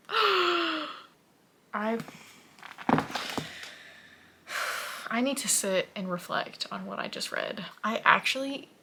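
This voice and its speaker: A woman's voice: medium pitch, huge pitch swings, moderate pace, creaky, hardly any pauses, noisy background. A young woman talking through her reading in a casual vlog, emotional and often dropping to a whisper. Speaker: book vlogger.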